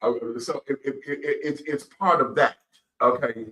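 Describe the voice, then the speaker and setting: A man's voice: medium pitch, steady tone, normal speed, bright, forceful tone, echoey room, recorded from a distance, poor audio. A man hosting a casual radio talk show, speaking emphatically and repeating himself. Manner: emphatic, repetitive, says "child" often.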